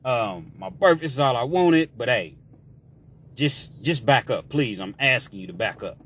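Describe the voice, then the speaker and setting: A man voicing a calm male inmate who quietly pleads to be left alone. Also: unhurried, slight background noise. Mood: pleading. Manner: soft, low, pleading.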